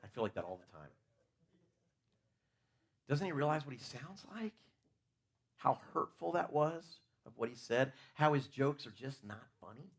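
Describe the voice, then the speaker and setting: A man's voice: medium pitch, big pitch swings, measured pace, long pauses, breathy edge. A man preaching a conversational sermon in a church, asking his listeners questions and talking openly about his own faults.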